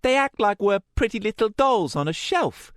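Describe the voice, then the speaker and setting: A man's voice: high voice, lively intonation, normal speed, dry recording, studio quality, pitched above the performer's own voice. Man voicing a brash teenage girl mage, raised voice, scornful, bossy, audiobook. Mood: furious.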